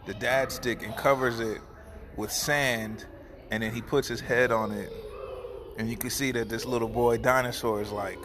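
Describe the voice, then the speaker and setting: A man's voice: mid-range voice, steady tone, normal speed, crowd noise. A man talking in a casual, heartfelt way, rambling with restarts, who then turns to earnest prayer. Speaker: barber and host. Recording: noticeable background noise.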